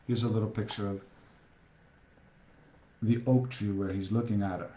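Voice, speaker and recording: A man's voice: lowish voice, fairly even intonation, normal speed, long pauses, dark tone. A man reading a storybook aloud, breaking off into chatty asides to his listeners. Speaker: storybook reader. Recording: echoey room.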